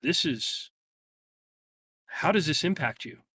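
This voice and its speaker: Slow, dramatic game master man. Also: a little high, animated, sharp tone, slightly rough, dry recording, clean studio sound. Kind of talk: narrating a tabletop game.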